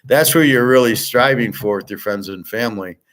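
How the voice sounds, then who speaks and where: A man's voice: medium pitch, a little fast, a bit bright. A middle-aged man hosting a show, talking in a blunt, ranting, opinionated casual monologue. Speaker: sports picks and finance show host.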